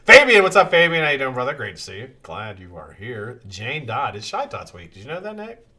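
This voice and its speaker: A male live-stream host with a lively, swinging delivery and a bright, forceful tone. He greets his chat viewers one by one in a casual, swearing banter. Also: lowish voice, brisk.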